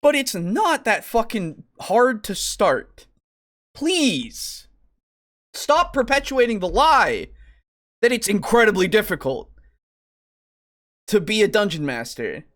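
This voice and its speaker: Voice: medium pitch, big pitch swings, a little slow, a bit bright. Exasperated, swearing podcast co-host. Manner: reads comments and quotes aloud. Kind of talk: casual podcast discussion.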